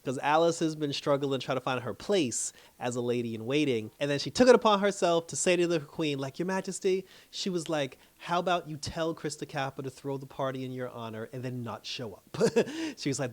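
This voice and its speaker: A man's voice: on the high side, expressive, brisk. A man casually recapping a drama episode. He swears freely, laughs often and acts out the characters' lines in playful voices. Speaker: TV show reviewer.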